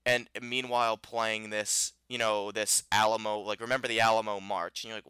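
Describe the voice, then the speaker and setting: A man's voice: on the low side, fairly quick, few pauses, bright, forceful tone, clear, resonant tone, no echo. A man co-hosting a podcast, chatting casually and animatedly about a film, rambling with many restarts. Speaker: podcast co-host. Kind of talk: casual film review chat.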